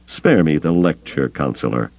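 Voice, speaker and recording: A man's voice: very deep voice, expressive, moderate pace, a little mellow. A man doing a cool, curt smuggler captain.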